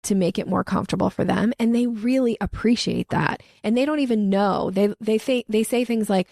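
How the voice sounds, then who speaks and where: A woman sales coach answering interview questions in an animated way, acting out the speech she quotes. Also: mid-range voice, brisk, vocal fry, hardly any pauses, no room sound, studio quality.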